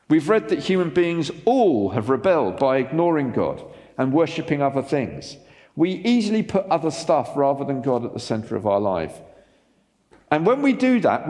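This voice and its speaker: A man preaching a sermon as pastor, animated and asking the congregation rhetorical questions. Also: a little high, long reverb tail.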